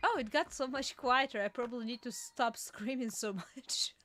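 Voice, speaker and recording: A young woman streaming a game, chatting casually, laughing often and yelping and shouting at what happens on screen. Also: on the high side, normal speed, a little hiss or hum. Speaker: VTuber streamer. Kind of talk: casual gameplay commentary.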